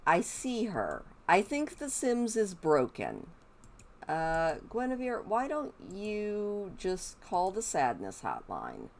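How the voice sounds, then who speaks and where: Chatty woman streamer, slow and lively. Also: mid-range voice, vocal fry. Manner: chatty, talks to her game characters. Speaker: game streamer. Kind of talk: live gameplay commentary.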